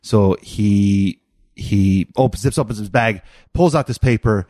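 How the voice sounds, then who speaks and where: A man's voice: fairly low pitch, a little slow, warm tone, dry recording, studio quality. A man in his thirties chatting casually about his son, rambling with many restarts and fillers. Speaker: father telling a family story. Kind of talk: casual chat.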